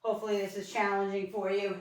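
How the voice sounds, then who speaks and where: A woman's voice: mid-range voice, quick pace, slight background noise. A woman coaching a home workout, breathless yet upbeat as she counts down reps and cheers you on. She sounds a little distant from the microphone. The room around her is echoey. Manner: energetic, encouraging, counting down reps. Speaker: fitness instructor. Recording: echoey room, mic far off.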